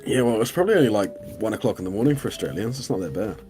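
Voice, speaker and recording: A man's voice: fairly low pitch, very animated, racing, warm tone, faint music behind. A man with a New Zealand accent co-hosting a casual live stream, rambling and laughing between words. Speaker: stream co-host.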